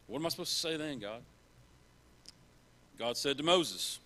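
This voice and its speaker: A man's voice: medium pitch, expressive, moderate pace, long pauses, sharp tone. A man preaching a sermon in a church, earnest and repeating key phrases for emphasis.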